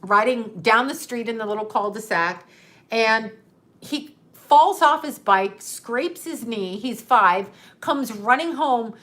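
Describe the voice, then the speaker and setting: A woman's voice: fairly high pitch, animated, takes it slowly, a bit bright. A middle-aged woman telling a personal story in a casual, profane way, laughing often as she retells it.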